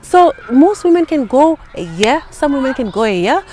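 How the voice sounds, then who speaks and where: A woman co-hosting a casual talk show, calmly explaining her view with frequent affirming murmurs. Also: high voice, moderate pace. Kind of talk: casual podcast chat.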